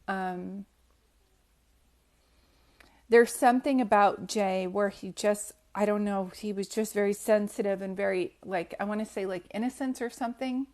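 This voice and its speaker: A woman doing a live reading as a psychic medium, talking in a gentle, reassuring way with frequent pauses and fillers. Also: medium pitch.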